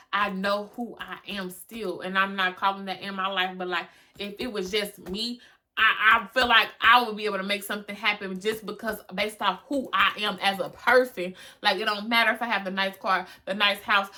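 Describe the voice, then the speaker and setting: A woman's voice: mid-range voice, pushed and bright. A young adult woman hosting a solo podcast, talking emphatically and with feeling, repeating lines for effect and cursing casually. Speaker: podcast host. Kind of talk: solo motivational podcast talk.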